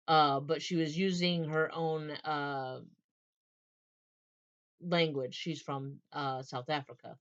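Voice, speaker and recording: Low-voiced woman rambling about a book. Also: steady tone, slow pace, lo-fi sound. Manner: rambling, many fillers and restarts, retells scenes in quoted voices. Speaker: book reviewer. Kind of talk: casual book talk.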